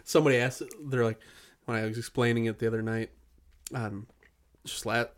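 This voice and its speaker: A man's voice: mid-range voice, little pitch movement, a little fast. A man from Wisconsin hosting a podcast in casual chat, joking around and swearing freely. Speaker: podcast host.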